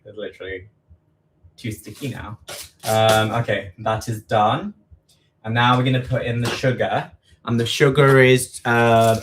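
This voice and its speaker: A man's voice: mid-range voice, fairly bright tone, a little hiss or hum. A man with an East London accent, chatting casually as he bakes live in his home kitchen, talking to himself and teasing himself as he goes. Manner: chatty, self-deprecating, repeats quantities aloud. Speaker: home baking livestreamer. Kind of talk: casual live baking chat.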